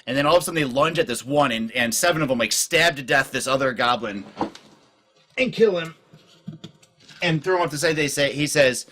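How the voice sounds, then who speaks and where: A man's voice: mid-range voice, fairly quick, pauses often, a bit bright. A man narrating a tabletop game as game master, in loose, rambling narration.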